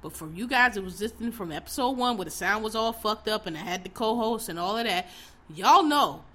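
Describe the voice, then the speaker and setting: A woman's voice: medium pitch, lively intonation, fairly quick, fairly bright tone. A woman hosting her own podcast, ranting in a heated, profane, blunt way. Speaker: podcast host. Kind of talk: casual podcast rant.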